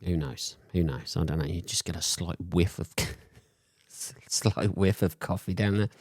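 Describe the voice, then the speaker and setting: A man's voice: low voice, measured pace, darkish tone, no room sound, studio quality. A man with a sore throat from a cold, hosting a solo podcast and rambling in crude, profane jokes. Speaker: podcast host.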